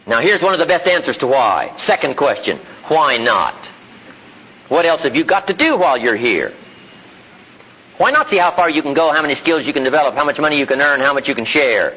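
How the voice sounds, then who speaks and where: A man with a slightly high, husky voice speaks at a live motivational seminar, and his pitch swings widely as he hammers home rhetorical questions. The sound comes from a thin, phone-like archival recording of the room. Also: sing-song, brisk. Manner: emphatic rhetorical questions and repetition. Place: seminar room before an audience.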